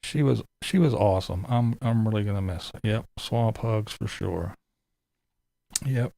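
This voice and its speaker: A man's voice: fairly low pitch, a little slow, vocal fry, dark tone, dry recording. A man hosting a casual livestream, greeting viewers by name and chatting loosely. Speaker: livestream host.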